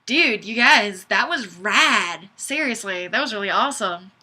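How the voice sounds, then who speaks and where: A woman's voice: mid-range voice, expressive, unhurried, bright, forceful tone. A woman hosting a webcam chat, reading viewer comments aloud in a playful, giggly, sing-song way into a webcam microphone.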